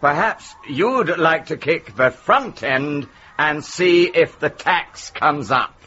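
An actor playing a pompous, fussy teacher who earnestly tells a flat joke. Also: male voice, fairly high pitch, slow pace, heavily acted. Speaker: schoolteacher. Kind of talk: television comedy-drama acting. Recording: dull lo-fi TV sound, faint hiss.

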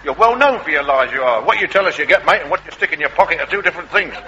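A man's voice: on the high side, expressive, very fast, dull audio, noisy background, lightly acted. An actor playing a cheeky, brash working-class male slum landlord, in a comedy radio sketch. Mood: accusing. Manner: brash, mocking, streetwise.

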